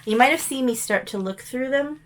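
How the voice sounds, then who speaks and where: A woman's voice: high voice, fairly quick, a little hiss or hum. A woman chatting casually as she shows mail and thrift finds, rambling with frequent ums and restarts. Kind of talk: casual show-and-tell chat.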